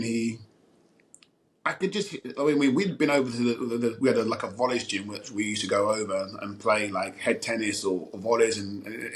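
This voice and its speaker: A middle-aged man, a former footballer telling a long story as a podcast guest, rambling with many fillers and restarts. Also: medium pitch. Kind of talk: casual storytelling interview.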